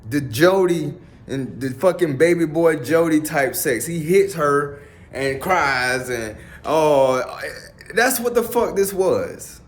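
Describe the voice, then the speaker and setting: Blunt, profane man talking slowly. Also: a little high, lively intonation. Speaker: commentator. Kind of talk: casual opinionated monologue.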